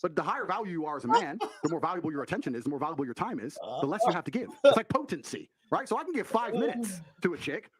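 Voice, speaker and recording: A man's voice: fairly high pitch, sing-song, racing. A man giving brash, profane opinions as a podcast guest. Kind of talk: blunt opinion talk.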